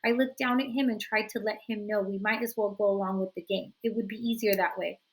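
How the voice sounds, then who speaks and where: A woman teacher reading a novel aloud in a steady narrating voice. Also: mid-range voice, brisk, poor audio.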